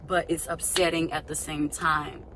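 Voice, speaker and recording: Woman vlogger, low voice with little rise and fall, candid and searching, faint noise behind. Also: little pitch movement, moderate pace, a bit bright, low-quality recording. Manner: candid, searching, repeats her questions. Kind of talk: personal reflective vlog.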